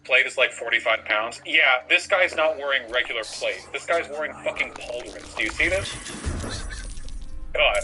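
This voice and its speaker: A man's voice: mid-range voice, lively intonation, moderate pace, noisy background. A man giving casual reaction commentary on a video, sarcastic and profane, rambling with lots of fillers. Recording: music playing underneath.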